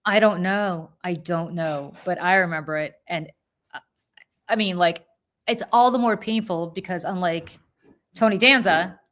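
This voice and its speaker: A woman in her forties with a slightly low voice, co-hosting a chat podcast. She tells stories in an animated, rambling way, full of fillers and quick restarts. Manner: animated storyteller, many fillers and self-corrections. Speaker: podcast co-host. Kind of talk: casual storytelling chat.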